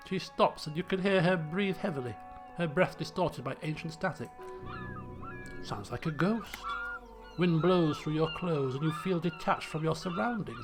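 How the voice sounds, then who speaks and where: A man hosts a game playthrough, reading its narration and dropping wry asides. His pitch is high for a man and moves a lot. Faint music plays behind him. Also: lively intonation, moderate pace. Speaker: let's play host.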